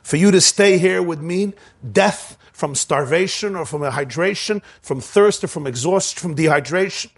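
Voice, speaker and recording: Brief: male preacher, slightly high voice, passionate and repetitive sermon delivery. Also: normal speed, husky.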